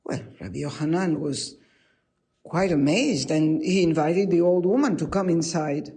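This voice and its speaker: A woman storyteller narrating a legend in an expressive, lively way. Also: deep voice, normal speed, slightly rough. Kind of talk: oral storytelling.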